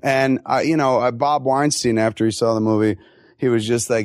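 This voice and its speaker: A man answering audience questions at a live Q&A, telling stories in an animated, profane way with quick asides and acted-out quotes. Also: mid-range voice, no echo, studio quality. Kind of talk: live Q&A storytelling.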